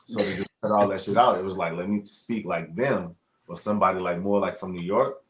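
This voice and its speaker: A man from Louisiana, a guest boxer, chatting in an interview, talking fast with lots of fillers as he tells stories. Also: sits low. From Louisiana, USA. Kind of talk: casual interview chat. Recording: echoey room.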